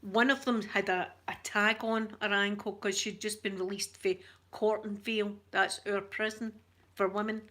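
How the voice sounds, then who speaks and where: A woman's voice: medium pitch, flat delivery, moderate pace, a bit bright. A middle-aged Scottish woman from Scotland, chatting casually to her viewers as an ASMR vlogger and telling stories in a talkative way. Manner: chatty storyteller, addresses viewers as "yous".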